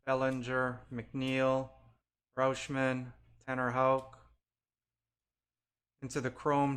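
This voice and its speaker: A man with a mid-range, fairly bright voice hosts a live card break on stream, calling out player names one at a time as he rips packs and talks with his viewers.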